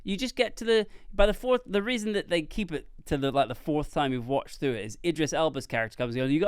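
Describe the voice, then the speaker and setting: A man with a somewhat high, smooth and clear voice, co-hosting a casual movie podcast. He recounts scenes in an animated way. The sound is close and dry. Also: fast talker, hardly any pauses, no room sound. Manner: animated storytelling, laughs often. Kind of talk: casual chat.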